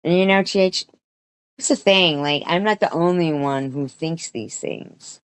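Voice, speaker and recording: A woman's voice: lowish voice, a little slow, slight background noise. A woman streamer giving a rambling, profane commentary rant, with many restarts and quoted voices.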